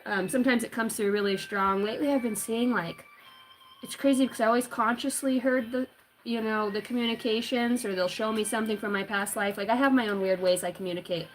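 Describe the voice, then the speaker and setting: A woman who works as a tarot reader and medium, rambling through a casual livestream chat with lively storytelling and frequent swearing. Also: a little high, fairly quick, faint music behind, poor audio.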